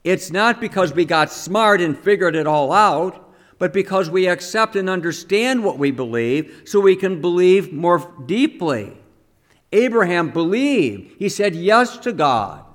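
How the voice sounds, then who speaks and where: Giving a teaching homily, this man talks to his listeners conversationally and frequently asks them questions. His voice sits somewhat high, his intonation is lively, his pace measured, and he performs the quoted lines as he reaches them.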